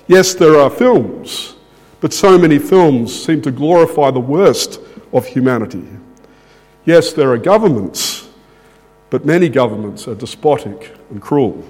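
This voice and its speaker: A man preaching a sermon in a slow, deliberate way with dramatic pauses. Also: fairly high pitch, animated, darkish tone. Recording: long hall reverb.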